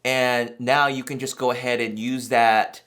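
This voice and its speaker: Excitable man rambling about cameras. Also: mid-range voice, a little slow. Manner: excitable, rambling, laughs in disbelief. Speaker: camera channel host. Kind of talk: excited casual reaction vlog.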